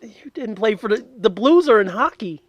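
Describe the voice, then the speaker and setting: A man co-hosting a podcast, bantering in a dry, deadpan manner. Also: high voice, normal speed, no echo, dull audio. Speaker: podcast co-host.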